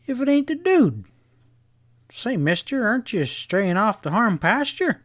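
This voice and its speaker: A man's voice: high-pitched, very animated, unhurried, fairly bright tone, pitched above the performer's own voice, exaggerated voice. A man voicing a brash, folksy cowboy rider in an audiobook western. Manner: folksy western drawl, exclamatory.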